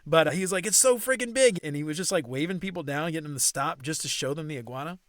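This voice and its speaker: Fast-talking excitable podcast host man. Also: a little high, a little hiss or hum. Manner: excitable, slangy, says dude a lot. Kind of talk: casual interview chat.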